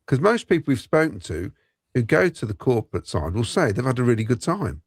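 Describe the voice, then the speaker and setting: A man on a football fan podcast panel, talking in a measured way and leaning on "you know". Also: medium pitch, big pitch swings, slightly rough, dry recording, clean studio sound. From England. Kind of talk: casual fan podcast chat.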